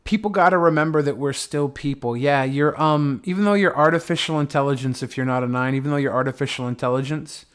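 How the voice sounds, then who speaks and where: A man's voice: fairly high pitch, quick pace, few pauses, clean tone. A young man hosting a livestream, chatting casually in a rambling, playful way with lots of swearing. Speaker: livestream host.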